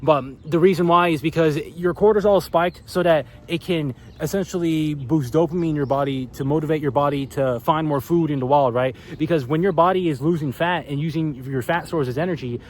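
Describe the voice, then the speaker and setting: Young male vlogger, fairly high pitch, animated profane rant, lots of "like". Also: fairly quick, hardly any pauses, a little hiss or hum. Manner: animated, profane, filler-heavy. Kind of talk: casual ranting monologue.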